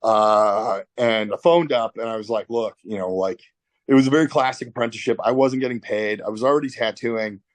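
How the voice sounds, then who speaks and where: A man's voice: mid-range voice, brisk, few pauses. A man telling a story as an interview guest in a candid, profane way with lots of fillers. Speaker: tattoo artist guest. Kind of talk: casual storytelling.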